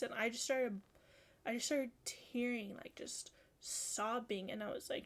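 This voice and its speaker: A woman's voice: a little high, steady tone. A woman telling a personal story in a casual way, acting out the quotes as she goes. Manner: slow, unhurried storytelling with acted-out quotes. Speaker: streamer on an esports channel.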